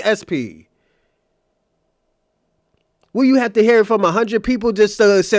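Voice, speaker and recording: Male commentary host, high-pitched, dry close sound; profane, insistent, repeats his points. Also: animated, measured pace, long pauses, no room sound. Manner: emphatic, profane, repetitive, argumentative. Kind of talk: casual livestream commentary.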